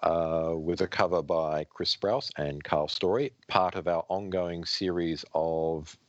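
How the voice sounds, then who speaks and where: A man co-hosting a podcast, reading and summarizing a comic book aloud in a plain, steady way. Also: deep voice, a little slow, no echo, highs cut off. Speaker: podcast co-host.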